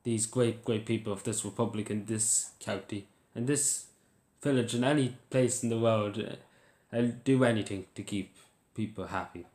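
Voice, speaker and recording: Emotional Irish man, low voice. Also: steady tone, moderate pace, a little mellow. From Ireland. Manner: emotional, rambling, repeats "literally" and "like". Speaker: YouTuber. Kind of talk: casual to-camera vlog. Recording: roomy echo.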